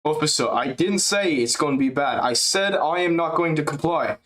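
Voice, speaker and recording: A man's voice: fairly high pitch, animated, moderate pace, fairly bright tone, voice pushed up. A man doing an impression of a stubborn male fighter with a put-on Dutch-leaning European accent, speaking in clipped, defiant lines.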